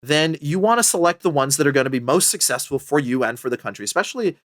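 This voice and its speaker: Chatty, animated man, dry sound. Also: fast, dry recording. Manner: animated, chatty, full of fillers and pitch jumps. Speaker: podcast guest, book author. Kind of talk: casual conversational interview.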